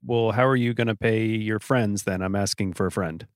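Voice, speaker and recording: Male co-host, relaxed and inquisitive, dry close-miked voice. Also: lowish voice, normal speed, no room sound. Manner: easygoing, thoughtful, asks questions. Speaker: podcast co-host. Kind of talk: casual music discussion.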